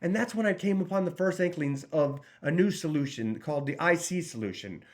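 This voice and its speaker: A man's voice: fairly high pitch, animated, fairly quick, a little mellow. A man in his forties, talking straight to camera as a recovery coach, blunt and profane, with many restarts. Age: 40s. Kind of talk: casual direct-to-camera talk.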